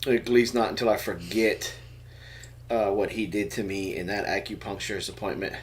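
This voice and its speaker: A man's voice: fairly low pitch, moderate pace, slight background noise. A middle-aged man, telling a funny family story in a casual live chat and acting out the voices of the people in it. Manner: animated storyteller acting out quotes. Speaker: homestead channel co-host.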